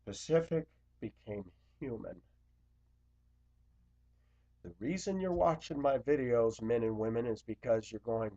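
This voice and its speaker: A man speaking to camera in an impassioned confessional monologue, blunt and confrontational, swinging between loud outbursts and quiet asides. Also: medium pitch, a little slow, long pauses. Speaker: Christian video blogger. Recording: dull lo-fi recording.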